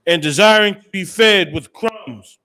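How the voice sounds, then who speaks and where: High-voiced man reading verses aloud. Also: sharp tone. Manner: slow, formal reading of verses. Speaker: scripture reader.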